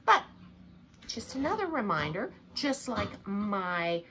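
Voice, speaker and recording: A woman reading a picture book aloud to children, expressive and asking her listeners questions. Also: mid-range voice, slow pace, noisy background. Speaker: storybook reader.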